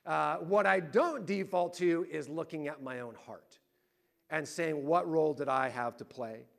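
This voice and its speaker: High-voiced animated man preaching. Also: a little slow, creaky. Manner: animated storyteller, acting out family arguments loudly. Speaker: pastor. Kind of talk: sermon with personal stories.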